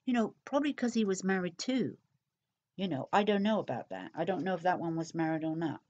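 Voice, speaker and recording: A woman's voice: fairly low pitch, lively intonation, brisk, a little mellow, dull audio. A woman giving casual recorded commentary on a true crime case, chatty and repetitive, speculating aloud with asides.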